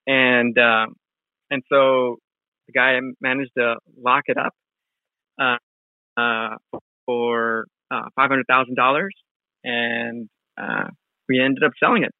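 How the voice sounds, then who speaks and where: A man's voice: mid-range voice, fairly even intonation, unhurried, dry recording. A man, a real estate wholesaler, telling a story in a casual interview with many fillers and restarts. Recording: tinny phone-like sound.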